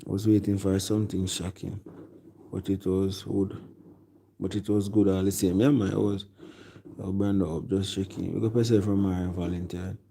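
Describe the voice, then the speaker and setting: A man's voice: fairly low pitch, dark tone, a little hiss or hum, low-quality recording. A Jamaican man giving a rambling, casual music commentary that mixes patois with English. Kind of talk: casual chat.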